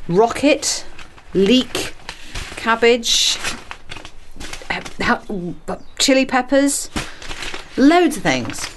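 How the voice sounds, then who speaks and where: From a garden and small greenhouse outdoors, a woman hosts a casual gardening podcast in a high-leaning, animated voice, speaking extremely slowly with long pauses. The background is noisy. She chats away, poking fun at herself with playful asides.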